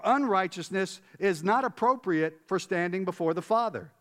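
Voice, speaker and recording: Emphatic preacher in a reverberant hall. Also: male voice, high-pitched, expressive, moderate pace, a bit bright. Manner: emphatic, repeats words, chuckles, asks the audience. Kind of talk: conversational sermon teaching. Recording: long reverb of a large hall.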